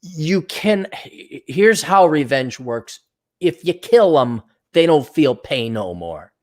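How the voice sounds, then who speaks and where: A man's voice: fairly high pitch, big pitch swings, takes it slowly, darkish tone. A man with a somewhat raised voice rants on his own livestream. He turns sarcastic and profane, and mocks others by mimicking them. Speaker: show host. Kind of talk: livestream rant.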